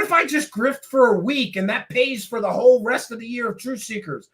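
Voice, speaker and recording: A man hosting his own commentary show, ranting sarcastically and breaking into shouts at times. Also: very high-pitched, brisk, hardly any pauses. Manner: animated, sarcastic, bursts into shouting. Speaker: show host.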